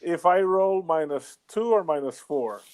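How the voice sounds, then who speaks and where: A man's voice: on the high side, measured pace. A man playing a tabletop game, chatting casually and reading the rules aloud. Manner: animated, reads rules aloud steadily. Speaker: player.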